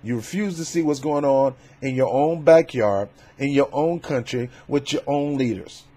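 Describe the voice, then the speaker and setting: A man doing a casual political commentary vlog, talking in a fervent, preachy, colloquial way with loud emphatic outbursts. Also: mid-range voice, moderate pace, breathy edge. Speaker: YouTube commentator.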